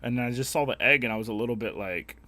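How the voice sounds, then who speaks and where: A young man streaming a game, telling a story in a blunt, heavily profane, animated way. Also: mid-range voice, quick pace, no echo. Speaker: live streamer. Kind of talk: casual storytelling while gaming.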